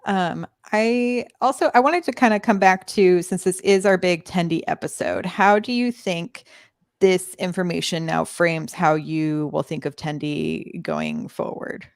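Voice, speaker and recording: A woman co-hosting a podcast in casual review chat, laughing often and filling pauses with "um". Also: fairly low pitch, animated, no room sound, studio quality. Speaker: podcast co-host.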